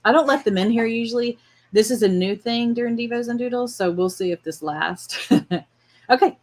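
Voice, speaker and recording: A woman hosts a casual livestreamed drawing lesson, chatting warmly as she draws and laughing often, even talking to her dog. Her voice is a little high and moves at a normal speed.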